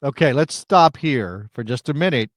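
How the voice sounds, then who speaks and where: Measured sports talk co-host, dry sound. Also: male voice, mid-range voice, expressive, no echo. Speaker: podcast co-host. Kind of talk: sports talk show discussion.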